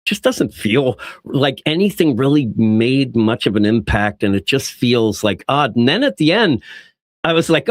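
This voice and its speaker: A man co-hosting a casual podcast chat, his pitch swinging widely as he talks. He keeps slipping into quick quoted voices. The sound is dry and close. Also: no room sound. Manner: animated, acts out characters' lines in quick quoted voices. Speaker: podcast co-host reviewing comics.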